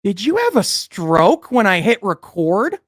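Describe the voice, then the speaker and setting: A man's voice: sits high, wildly swooping pitch, unhurried, dry recording, studio quality. A young man co-hosting a casual podcast, teasing his partner and laughing along. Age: young adult. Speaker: podcast co-host.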